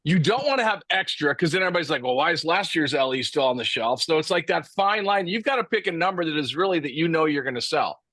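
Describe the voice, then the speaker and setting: Lively, bright-voiced male podcast host. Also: on the high side, fast, hardly any pauses, no echo. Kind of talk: casual interview chat.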